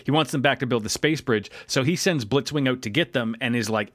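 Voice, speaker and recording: A man's voice: mid-range voice, no echo. A man casually recapping a cartoon episode with a co-host, joking and briefly mimicking characters. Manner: animated, jokey, mimics characters in quick asides. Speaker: podcast co-host.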